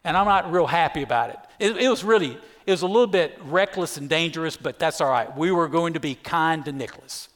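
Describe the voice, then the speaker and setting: A man's voice: a little high, fairly quick, few pauses, a bit bright. A middle-aged man, preaching a sermon as pastor and telling a personal story with emphatic energy. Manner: emphatic storyteller, keeps saying "listen". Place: church sanctuary. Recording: echoey church hall.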